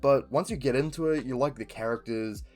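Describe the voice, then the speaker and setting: Brisk and darkish in tone, a mid-range male voice belongs to a young New Zealand video creator rambling through casual chat, swearing and saying um a lot.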